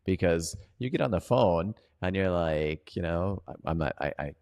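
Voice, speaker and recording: A man's voice: low voice, lively intonation, moderate pace, darkish tone. A man co-hosting an interpreting podcast, chatting casually and often checking in with "right?". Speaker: podcast co-host.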